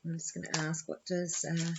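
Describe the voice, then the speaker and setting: A woman's voice: deep voice, completely flat delivery, moderate pace, vocal fry, lo-fi sound, very noisy. A woman giving a casual astrology forecast and tarot reading, rambling and thinking aloud with many ums and you knows.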